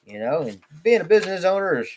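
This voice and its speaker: Rambling, jokey man with a higher voice. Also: sing-song, a little mellow, slight background noise. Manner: jokey, rambling, quick to say he's kidding. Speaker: lawn care business owner vlogging. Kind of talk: casual rambling vlog talk.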